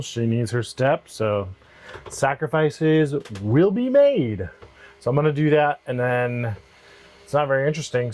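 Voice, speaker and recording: A man's voice: mid-range voice, a little mellow. A man hosting a boat vlog, thinking aloud and chuckling as he narrates a fix-up job inside a sailboat cabin. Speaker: boat owner and vlog host. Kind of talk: casual DIY narration.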